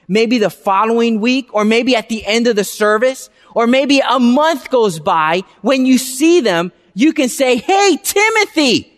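A male pastor preaching a sermon. He reads scripture slowly and acts out everyday greetings. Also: sits high. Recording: reverberant hall.

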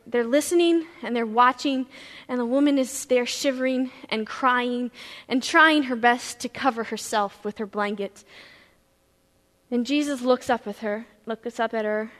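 A woman pastor preaching a sermon, telling a story vividly in the first person and moving between loud and hushed passages. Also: fairly high pitch, big-room sound.

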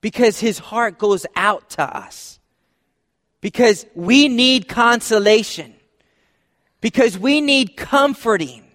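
A man preaching a sermon as pastor, conversational, dropping soft and low for emphasis. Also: slow pace. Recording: long hall reverb.

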